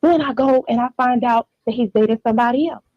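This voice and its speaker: High-voiced young woman on a dull phone line. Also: fast talker, dry recording. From Texas, US. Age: 20s. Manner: long rambling personal story, restarts often. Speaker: caller. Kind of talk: casual phone call-in chat.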